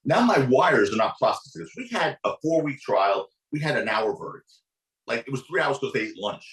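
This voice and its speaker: Briskly and with lots of animation, a guest attorney on a podcast relates a courtroom story, impersonating the people involved through sweeping changes in his voice. The audio from the echoey studio is poor.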